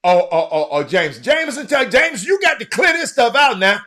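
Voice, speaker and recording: Man, live-stream host, high voice, swoops all over, teases chat by name. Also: normal speed. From Texas. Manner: animated, teasing viewers by name, often shouting. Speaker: livestream host talking sports.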